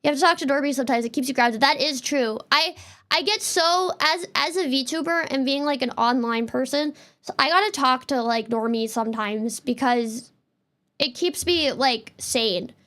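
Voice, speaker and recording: High bright-voiced woman streamer from Canada. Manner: rambling, exasperated, fast-talking. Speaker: VTuber streamer. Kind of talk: casual gameplay commentary.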